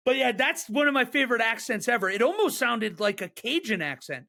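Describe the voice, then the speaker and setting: A man co-hosting a sports podcast, ranting and joking in a casual, excitable way. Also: extremely high pitch, creaky. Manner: excitable, joking, fast rants. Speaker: podcast co-host.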